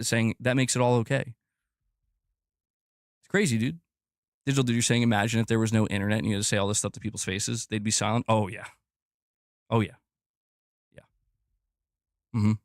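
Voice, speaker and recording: A man hosting a gaming channel livestream, ranting in an exasperated, profane way that repeats itself and climbs in pitch as he gets worked up. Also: no room sound, studio quality. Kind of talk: livestream rant reading chat.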